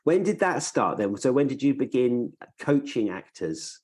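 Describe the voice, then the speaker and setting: A man's voice: medium pitch, sing-song, normal speed, a little mellow. A man co-hosting a podcast who talks enthusiastically, with some fillers. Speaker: podcast co-host. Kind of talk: casual interview chat.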